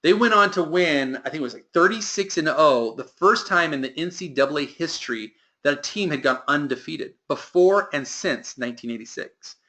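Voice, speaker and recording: A man's voice: fairly high pitch, lively intonation, normal speed, hardly any pauses, bright, forceful tone. A man giving a motivational sales training talk to a team, with emphatic delivery that lifts and drops.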